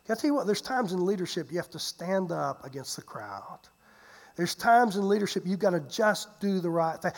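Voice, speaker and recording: Animated preacher telling a Bible story. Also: mid-range voice. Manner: animated storytelling, swinging from loud to hushed; repeats and restarts words while preaching. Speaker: pastor. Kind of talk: sermon.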